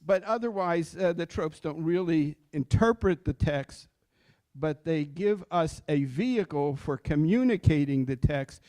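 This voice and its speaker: A man's voice: a little high, expressive, unhurried, darkish tone, no room sound. An older man, a cantor, giving an informal lecture to a study group, explaining patiently and asking his listeners questions before answering them himself. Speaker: cantor teaching Torah chant.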